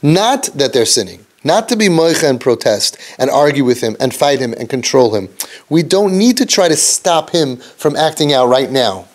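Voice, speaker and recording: A man speaks to his community in a mid-pitched voice, earnest and preachy. He mixes Yiddish and Hebrew terms into his talk. His delivery sinks low and soft, then climbs sharply to drive a point home. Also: sing-song, normal speed. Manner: dips low and soft, then rises for emphasis. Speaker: parenting counselor and speaker. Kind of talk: impassioned lecture.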